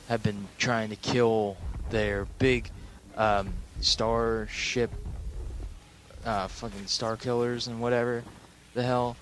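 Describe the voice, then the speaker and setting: A man's voice: lowish voice, a little hiss or hum. A sleep-deprived young man recapping a film in a rambling, profane way, full of fillers. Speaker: film reviewer.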